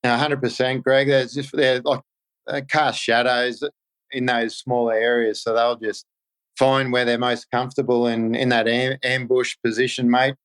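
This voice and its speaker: An easygoing Australian man chats as a podcast guest, calling everyone "mate" and restarting his phrases as he goes. His voice is smooth and resonant. It sits at an ordinary pitch for a man. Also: little pitch movement, fairly bright tone, poor audio. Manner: easygoing, says "mate" constantly, halting restarts. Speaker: podcast guest, kayak angler. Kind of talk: casual podcast chat.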